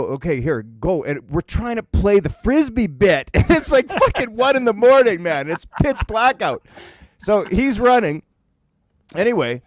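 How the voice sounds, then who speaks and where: A man from Winnipeg telling a rambling story on a podcast, casual and animated, laughing as he acts out what his friends said. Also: on the high side, no room sound, studio quality. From Winnipeg, Canada.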